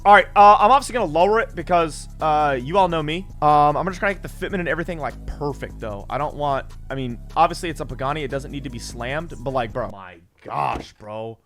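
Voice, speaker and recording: A young man giving excited gameplay commentary as a gaming creator, blurting loud exclamations. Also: on the high side, quick pace, few pauses. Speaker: gaming YouTuber. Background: game music.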